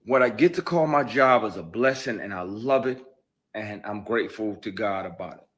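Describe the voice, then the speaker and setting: Deep-voiced man, heated and blunt. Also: expressive, moderate pace. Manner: heated, blunt and profane, with emphatic repeats. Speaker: actor. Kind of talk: unscripted live-stream talk to viewers.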